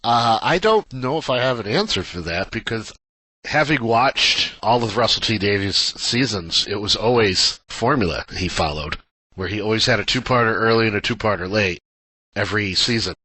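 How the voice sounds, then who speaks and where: A man co-hosts a casual podcast and talks things through in a thoughtful, measured way. His voice is a little low yet bright and forceful, and it sounds dry and close. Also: animated, no room sound. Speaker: podcast co-host. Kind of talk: casual chat.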